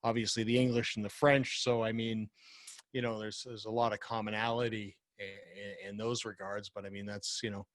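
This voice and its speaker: A man's voice: fairly low pitch, moderate pace, no room sound. Laid-back canadian-sounding man, dry sound. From Scotland. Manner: relaxed, hedging with many fillers. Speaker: podcast guest. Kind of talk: casual podcast chat.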